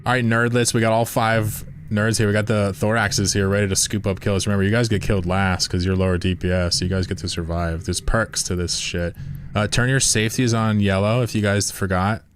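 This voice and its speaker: Deep-voiced man chatting casually while streaming. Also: fairly even intonation, fairly quick, slight background noise. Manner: loose, rambling, profane, laughs often. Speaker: game streamer. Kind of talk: casual live-stream chat while gaming.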